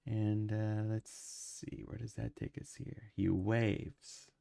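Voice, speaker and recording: A man's voice: sits low, little pitch movement, measured pace, vocal fry, few pauses, dry recording, studio quality. A man who is sick with a cough, chatting casually while he livestreams his animation work and rambling with lots of ums and uhs.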